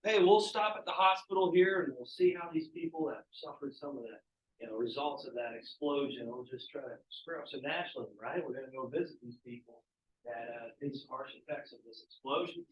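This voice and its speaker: A man's voice: mid-range voice, brisk. Man, teacher, classroom lecture, casual, asks questions, roomy echo, faint background hum. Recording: echoey, distant, muffled classroom recording.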